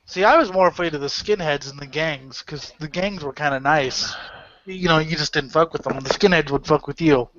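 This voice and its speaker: Rambling man, slightly high voice. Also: brisk, a crowd in the background. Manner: rambling storyteller, laughs often, restarts. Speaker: podcast co-host. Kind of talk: casual chat. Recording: dull lo-fi sound.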